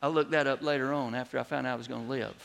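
A man preaching a sermon as a pastor, telling a personal story with lively retold dialogue and words that drop soft at the ends of lines. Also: medium pitch, very fast, creaky. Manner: storytelling, animated when retelling, drops soft on closing words.

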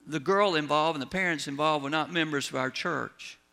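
A man preaching in a folksy storytelling way, his voice gravelly with a lot of fry. His tone is bright and forceful, pitched a little high for a man, and it sinks low at the close of each line. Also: fairly quick. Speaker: pastor. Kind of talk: sermon.

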